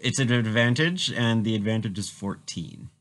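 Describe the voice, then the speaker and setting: A man playing a tabletop role-playing game, talking casually with halting restarts. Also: fairly low pitch, lively intonation, fairly bright tone, rough recording. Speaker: player.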